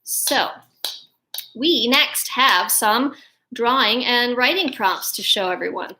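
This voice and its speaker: A woman's voice: fairly high pitch, slow, bright, forceful tone, low-quality recording. A woman hosting a family show for children, cheerful and chatty as she shows their drawings. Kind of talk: presenting a kids' show.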